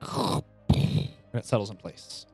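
A man hosting a tabletop game podcast, narrating the scene for his players in an easygoing way with frequent filler pauses. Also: soft background music. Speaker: game master and podcast host.

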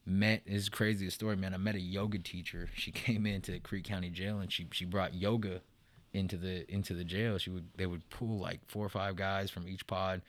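A man's voice: low-pitched, level tone, normal speed. A man in a casual interview, telling his own story in a profane, rambling way, full of "man" and "bro".

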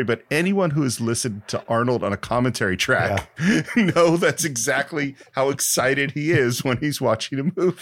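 Animated man retelling film anecdotes. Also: medium pitch, normal speed. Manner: animated storyteller, acts out quotes from behind-the-scenes anecdotes. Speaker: podcast co-host. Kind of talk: casual film discussion.

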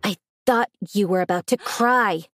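A greedy middle-aged aunt who taunts and threatens a kidnapped girl, put on by a woman narrator. Her voice rises into mocking, high excited tones in a read-aloud story. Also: measured pace, a little hiss or hum, close to an everyday voice. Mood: threatening. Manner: threatening, cackling.

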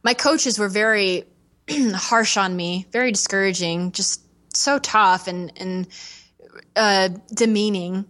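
A young woman speaks as a podcast guest in an earnest, heartfelt way. She talks with animation and slips into the voices of people she quotes. Her pitch sits in a middling range. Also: slow, fairly bright tone. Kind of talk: candid podcast interview.

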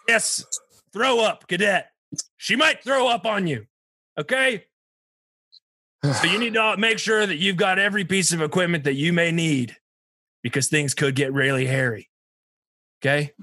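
A man's voice: a little high, normal speed, bright, forceful tone, no echo, clean studio sound. A man improvising a comedy scene as a commanding officer, briefing his team in a bossy tone that keeps asking "okay?".

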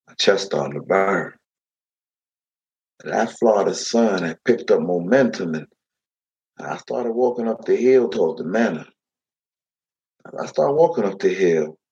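A man's voice: low voice, a little mellow. A man telling a dramatic first-person story in heavy dialect, slipping into the voices of the people in it. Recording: dull lo-fi recording.

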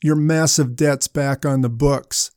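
A male preacher voicing a stern king who scolds a servant slowly and deliberately in a parable retelling. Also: mid-range voice, steady tone, a little mellow, clear, resonant tone, no echo, studio quality, natural voice. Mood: scolding. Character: stern angry king, male, middle-aged.

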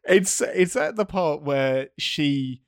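A man hosting a podcast in relaxed casual chat, self-mocking and often laughing. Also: a little high, slow pace, smooth, no room sound, studio quality. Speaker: podcast host.

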